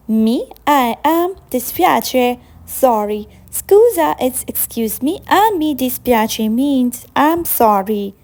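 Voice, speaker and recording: A woman teaching basic Italian phrases to beginners, saying each phrase slowly and repeating it for learners. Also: on the high side, a little mellow. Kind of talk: slow beginner language lesson.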